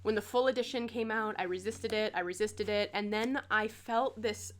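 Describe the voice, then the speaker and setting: A woman's voice: mid-range voice, moderate pace. A woman talking casually to her viewers as a tarot vlogger, chatty and loose, with lots of "like" and "um" as she shows cards to the camera. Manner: chatty, filler-heavy with frequent "like" and "um". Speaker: tarot content creator. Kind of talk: casual chat.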